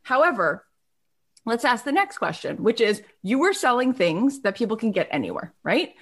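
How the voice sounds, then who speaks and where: A woman co-hosting a chat, asking questions in an energetic, motivational way. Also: a little high, moderate pace, slightly rough. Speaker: podcast co-host. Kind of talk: casual chat.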